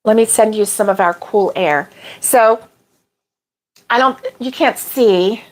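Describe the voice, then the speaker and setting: Chatty woman hosting a crochet livestream. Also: medium pitch. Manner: chatty, warm-hearted, drawn-out exclamations. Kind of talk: casual chat reading viewer comments.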